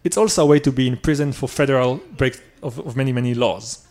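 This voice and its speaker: A man's voice: medium pitch, fast talker, darkish tone. A man telling a personal story on stage at a live show, earnest and self-critical.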